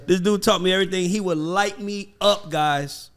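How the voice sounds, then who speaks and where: A man's voice: sits high, normal speed. A man hosting an interview, telling stories energetically with laughter and cursing. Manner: energetic, laughing, profane storytelling. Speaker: host. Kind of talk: casual interview storytelling.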